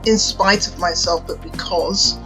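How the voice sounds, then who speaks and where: A woman's voice: on the low side, fairly even intonation, unhurried, a bit bright, faint music behind, poor audio. A British woman minister from England, telling her story reflectively as an interview guest.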